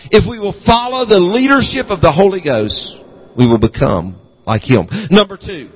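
A man's voice: on the high side, breathy edge, dull audio. A man preaching a sermon, fervent and full of restarts and repeated words. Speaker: pastor. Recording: long reverb of a large hall.

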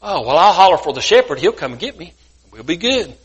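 A man's voice: high-pitched, big pitch swings, a little fast, breathy edge, full character voice. A man voicing a lost young sheep in a spoken parable, talking plaintively to himself as the sheep waits for its shepherd. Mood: hopeful. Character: lost, frightened young sheep, trusting and hopeful.

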